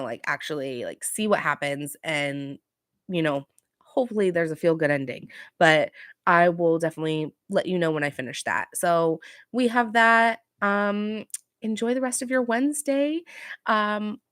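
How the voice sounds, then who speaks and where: A woman's voice: lowish voice, fairly bright tone, no echo, studio quality. Chatty woman dishing reality TV gossip. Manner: chatty, gossipy, sarcastic asides. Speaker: podcast host. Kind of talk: casual reality TV recap.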